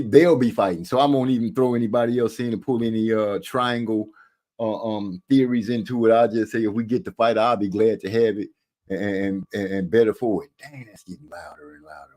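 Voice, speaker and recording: A man's voice: fairly low pitch, darkish tone. A man hosting a casual boxing live stream from a room at home, talking in a rambling way with lots of fillers and restarts.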